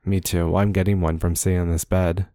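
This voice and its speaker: Man co-host, very low gravelly voice, dark tone, dry deadpan jokes. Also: quick pace, no echo. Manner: joking, deadpan banter. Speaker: podcast co-host. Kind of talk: casual chat. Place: small recording room.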